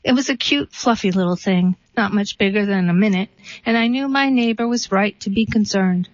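A woman reading a short story and a poem aloud in a steady, unhurried way. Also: mid-range voice, dry recording. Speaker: reader. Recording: dull, slightly lo-fi dry recording.

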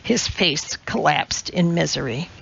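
A woman reading a novel aloud in a measured, unhurried way, voicing the characters herself. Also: deep voice, expressive, creaky, fairly bright tone, breathy edge. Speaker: audiobook narrator. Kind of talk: audiobook reading with character voices. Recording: dull lo-fi recording.

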